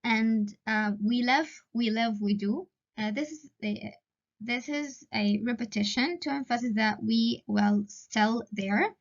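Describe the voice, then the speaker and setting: Slow, patient woman teaching a poem. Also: on the high side. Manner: slow and patient, often asks "okay?" and says "um". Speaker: teacher presenting a poem analysis. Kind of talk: recorded lesson, explaining a poem. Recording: dull lo-fi sound.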